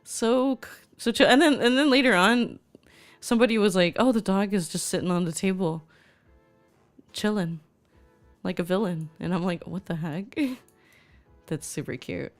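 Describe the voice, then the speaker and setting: A woman's voice: mid-range voice, normal speed, pauses often, soft background music. A young woman VTuber chatting casually on stream, gushing and reading chat aloud.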